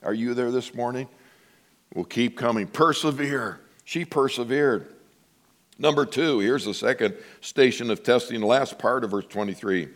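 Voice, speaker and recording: Animated storytelling male pastor. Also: mid-range voice, normal speed. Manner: animated storytelling, acts out voices. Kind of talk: sermon.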